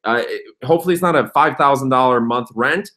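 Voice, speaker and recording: A young man hosting a casual livestream, talking in an excitable, rambling way and reading comments aloud. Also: mid-range voice, quick pace. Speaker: crypto livestream host.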